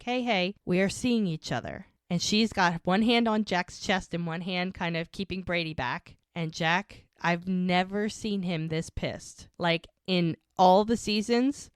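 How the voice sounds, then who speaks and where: Podcast co-host, woman, low voice, dry close sound, chatty recap acting out quotes. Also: no room sound. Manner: retells scenes acting out quotes. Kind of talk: casual recap chat.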